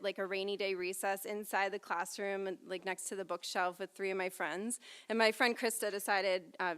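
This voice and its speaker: Smooth-voiced woman hosting with playful humor. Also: medium pitch, sharp tone. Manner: playful, self-deprecating storyteller with filler "um" and "like". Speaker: event hostess. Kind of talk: comedic stand-up style hosting. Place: live reading event before an audience.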